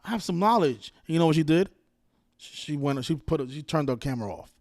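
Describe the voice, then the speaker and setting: A man with a fairly high voice, recorded dry and close with no room sound. He rants in a casual, profane, indignant way as host of his own channel. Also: fast, dark tone, no room sound. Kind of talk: casual commentary over his street clips.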